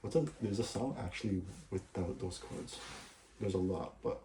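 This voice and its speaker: A man's voice: low voice, normal speed. A young man freestyle rapping and rambling over guitar, loose and crude, laughing often. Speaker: musician streamer. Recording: loud guitar under the voice.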